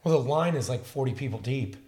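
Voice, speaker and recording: A man's voice: mid-range voice, quick pace. A man casually telling a long travel story, acting out the people he talked to. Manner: animated storytelling, acts out dialogue. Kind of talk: casual chat.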